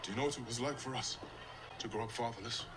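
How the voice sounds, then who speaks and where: A man's voice: medium pitch, quick pace, natural voice. An actor playing a resentful young man who grew up fatherless, speaking in clipped, proud lines. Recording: noisy film clip.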